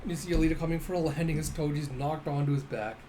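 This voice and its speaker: A man's voice: a little high, fairly even intonation, fast, dark tone, slight background noise, poor audio. A man casually recapping a comic panel by panel, cursing now and then. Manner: casual, swears, play-by-play describing of panels. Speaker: manga recap narrator.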